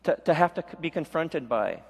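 A man's voice: fairly high pitch, lively intonation, fairly quick, husky, big-room sound. A middle-aged male pastor giving a sermon with a candid personal testimony, acting out the voices of people he quotes. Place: church.

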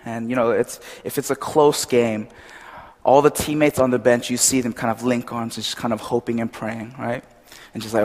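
A man's voice: medium pitch, brisk. A young man preaching a casual sermon, chatty and storytelling, with many asides to his congregation. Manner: chatty, storytelling, animated when retelling. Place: church hall. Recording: reverberant hall.

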